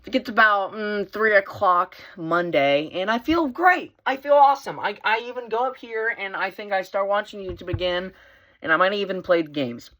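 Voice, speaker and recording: A man's voice: high voice, normal speed. Rambling teenage boy telling a story. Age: teens. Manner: rambling, with many fillers and restarts; animated, voice rising when excited. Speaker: vlogger. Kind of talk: casual storytelling.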